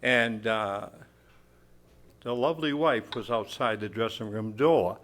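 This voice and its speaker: A man's voice: fairly low pitch, a little slow, a bit bright. A man, a celebrity impressionist, telling chatty stage anecdotes to the audience. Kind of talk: stage storytelling between impressions. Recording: guitar music behind. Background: guitar accompaniment.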